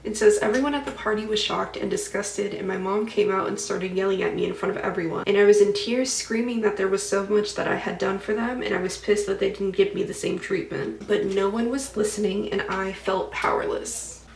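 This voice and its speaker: A woman's voice: medium pitch, fairly quick, creaky, hardly any pauses, echoey room, recorded from a distance, poor audio. A woman doing a casual get-ready-with-me chat while doing her makeup, talking freely and swearing as she reads out and retells dreams. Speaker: beauty vlogger.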